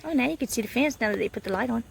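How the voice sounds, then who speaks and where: A woman's voice: on the high side, rapid-fire, vocal fry, background noise. A woman vlogging on her phone at a family home at night, chatting and laughing often. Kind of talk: casual vlog narration. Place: family house at night, evacuated. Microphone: handheld phone camera.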